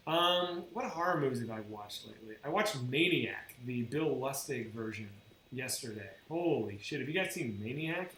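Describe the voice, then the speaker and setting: A man's voice: medium pitch, lively intonation, normal speed, fairly bright tone. A man chatting casually while streaming a game, rambling and swearing with many restarts. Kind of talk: casual live-stream chat while gaming. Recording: roomy sound with faint background noise.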